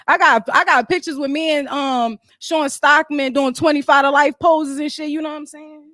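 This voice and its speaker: A woman's voice: sits high, fairly even intonation, normal speed, fairly bright tone, no echo, studio quality. A woman hosting a casual livestream chat, rambling and easily sidetracked as she talks. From Philadelphia. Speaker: host.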